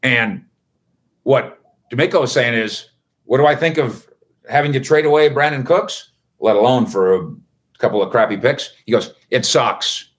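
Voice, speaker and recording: A man's voice: mid-range voice, moderate pace. A man hosting a casual sports recap, chatty and wisecracking with rambling asides. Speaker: sports reporter host.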